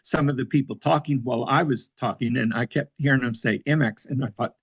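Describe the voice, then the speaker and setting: A man's voice: medium pitch, fairly even intonation, fairly quick, slightly rough, no room sound, muffled recording. A man who served in the Air Force, talking casually as an interview guest, with many fillers and restarts.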